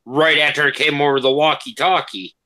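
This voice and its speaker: A man's voice: a little high, steady tone, fairly quick, pushed and bright. A man, a paranormal investigator, telling ghost stories in a matter-of-fact way during a casual livestream chat.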